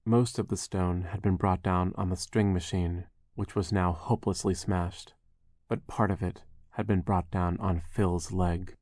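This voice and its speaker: A man narrating a storybook in measured, scripted narration with wry asides. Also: sits low, steady tone, a little mellow, dry recording, studio quality. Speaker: audiobook narrator.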